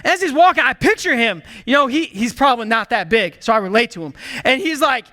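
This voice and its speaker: A man preaching a sermon in an energetic, emphatic way, calling out to the congregation and dropping into hushed low asides. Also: fairly quick. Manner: swings from excited bursts to hushed low asides. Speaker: pastor.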